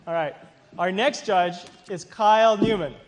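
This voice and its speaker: A man's voice: high-pitched, a little slow. A man hosting a science contest, introducing judges with playful teasing jokes and frequent laughs. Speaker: event host. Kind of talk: joking emcee introductions. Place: large hall with audience. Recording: echoey hall with crowd and noise.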